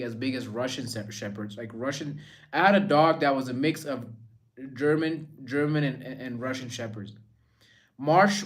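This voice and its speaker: A man with a slightly higher than usual voice hosts a relaxed live stream. He rambles from one viewer comment to the next, reading each one aloud before he answers it. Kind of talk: casual live-stream chat.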